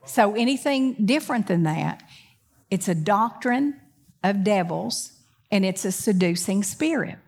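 A woman with a medium-pitched, animated voice preaches, swinging between booming emphasis and brisk conversational asides, frequently putting questions to those listening in the congregation.

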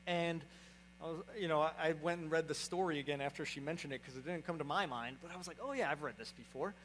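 A man's voice: on the high side, steady tone, quick pace, fairly bright tone, slight background noise, rough recording. A man in his young adult years preaching a sermon as pastor, speaking conversationally and often checking in with "right?". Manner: conversational, repeats "right?" to the congregation.

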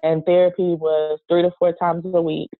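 A woman telling an emotional personal story in an interview, speaking in a halting, earnest way. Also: fairly low pitch, flat delivery, no room sound. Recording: dry, tinny phone-like sound.

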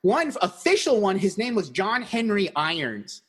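Podcast co-host, male, high husky voice, lively storyteller who restarts sentences often. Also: moderate pace. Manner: animated storyteller with many restarts. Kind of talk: casual chat.

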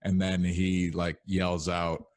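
Young male podcast host, very deep voice, loose rambling storyteller. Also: completely flat delivery, slow, slight background noise. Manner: rambling storyteller, many fillers. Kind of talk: casual chat.

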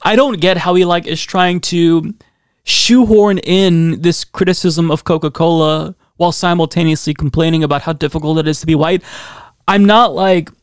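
A man's voice: a little high, fairly even intonation, moderate pace, smooth, dry recording. A man hosting a podcast, reading out song lyrics with sarcastic, dry, mocking asides. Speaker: podcast host.

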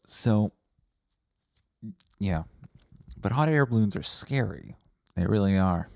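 A man's voice: lowish voice, lively intonation, takes it slowly, creaky, pauses often, darkish tone, no echo, clean studio sound. Rambling, profane male podcast host. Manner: rambling, profane, tangent-hopping. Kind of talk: rambling comedic monologue.

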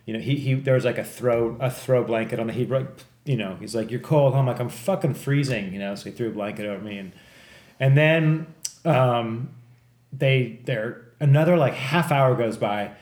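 A man's voice: mid-range voice, moderate pace. Profane man telling a wild story. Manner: profane, animated, acts out other people in the story. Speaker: podcast co-host. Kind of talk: casual storytelling. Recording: echoey room.

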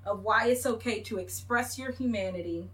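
A young woman co-hosting a faith podcast, talking in an animated, emphatic and playful way as she teaches. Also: on the high side, normal speed. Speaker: podcast co-host.

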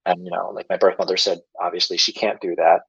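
Male guest storyteller, low husky voice, casual and filler-heavy, muffled lo-fi recording. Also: little pitch movement, fast, a bit bright. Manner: rambling, filler-heavy, chuckles while talking. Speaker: podcast guest telling his story.

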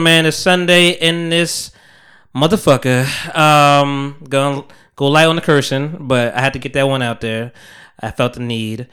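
A man's voice: a little high, normal speed, fairly bright tone, clear, resonant tone. A man in his thirties hosting a podcast in loose, profane casual chat, laughing often. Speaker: podcast host.

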